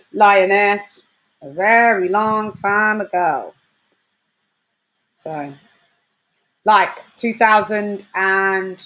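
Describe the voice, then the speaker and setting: Slangy British woman chatting to viewers. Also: mid-range voice. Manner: animated, slangy, trash-talking banter. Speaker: host; grime and dancehall artist. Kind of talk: casual livestream chat.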